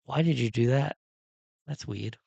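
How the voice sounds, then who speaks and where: A man's voice: medium pitch, measured pace, vocal fry, mellow, slightly rough, no echo, muffled recording. A man hosting a livestream, chatting casually in a rambling, candid way while he works on a doll. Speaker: livestream host.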